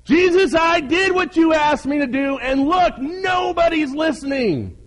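A man's voice: extremely high pitch, expressive, measured pace, voice pushed up. A man voicing a self-pitying male church leader who whines and pleads in a raised voice. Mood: whining. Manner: whiny, complaining, pleading.

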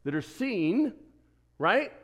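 Lively preacher man, fairly high voice. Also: slow pace. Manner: lively, asks the congregation questions, self-deprecating asides. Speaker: pastor. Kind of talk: sermon.

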